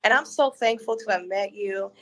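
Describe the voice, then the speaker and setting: A woman's voice: mid-range voice, normal speed, a bit bright. A woman guest on a podcast, speaking earnestly and encouragingly about faith. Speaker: podcast guest, lifestyle coach. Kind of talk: heartfelt testimony.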